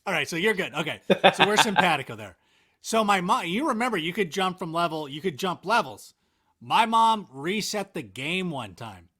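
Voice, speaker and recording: Bright, animated man telling stories. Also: high-pitched, moderate pace. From Southern California, US. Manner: rambling, self-deprecating storyteller. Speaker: sports analyst and guest. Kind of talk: casual interview chat.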